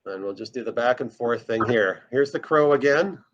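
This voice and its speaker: A man's voice: mid-range voice, normal speed, highs cut off. A man teaching a casual online birding lesson, explaining step by step as he plays bird recordings. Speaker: birding instructor.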